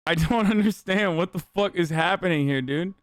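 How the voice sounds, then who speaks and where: A man's voice: high-pitched, moderate pace, dry recording. A man in his thirties streaming a reaction, cursing and riffing sarcastically with mock impressions. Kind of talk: casual reaction commentary.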